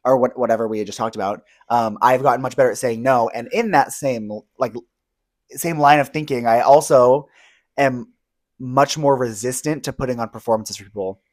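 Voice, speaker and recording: A man in his twenties co-hosts a casual podcast, telling stories with candid, profane energy. He leaps into high, squealing impressions of himself mid-story. The sound is close and dry, at a middling pitch for a man. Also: moderate pace, no room sound. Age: 20s. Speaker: podcast co-host. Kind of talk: casual chat.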